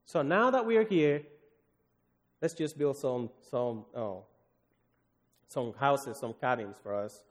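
A man's voice: medium pitch, takes it slowly, long pauses. A man preaching a morning sermon, earnest and pleading, often restarting his phrases. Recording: long hall reverb.

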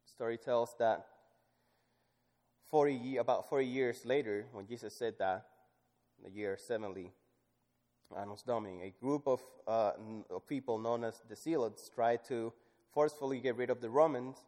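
A man's voice: medium pitch, normal speed. Man preaching in a reverberant hall. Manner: swings from loud emphatic scripture reading to soft, hushed asides. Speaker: pastor. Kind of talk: sermon.

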